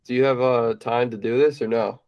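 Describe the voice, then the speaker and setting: A man's voice: mid-range voice, fairly even intonation, a little fast, no echo, lo-fi sound. Easygoing male podcast co-host. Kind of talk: casual chat.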